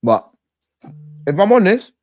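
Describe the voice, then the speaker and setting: A man hosting a live football watch-along, chatting in excitable, slangy banter with his viewers. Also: high-pitched, unhurried, dry recording, highs cut off, faint music behind. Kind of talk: live fan commentary and chat.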